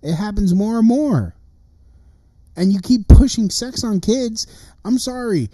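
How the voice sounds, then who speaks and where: Thirties male streamer, dark, unhurried voice, cursing and agitated in a solo rant. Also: sits high, expressive, slightly rough, dry recording. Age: 30s. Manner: profane, agitated ranting with many restarts. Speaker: livestream host. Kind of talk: ranting livestream monologue.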